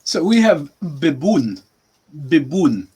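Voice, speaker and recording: A man in his sixties, a language teacher on a podcast, patiently saying each word and repeating it slowly. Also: fairly high pitch, big pitch swings, mellow, breathy edge. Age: 60s. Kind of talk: teaching words in a podcast chat.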